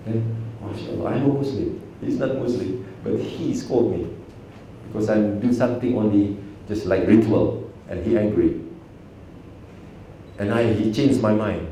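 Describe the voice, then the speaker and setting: An aikido teacher with a fairly low voice tells lively stories to an audience at a cafe venue, speaking in simple, broken English and chuckling. He talks at a measured pace with long pauses. The very echoey room, distant mic and faint noise colour the recording.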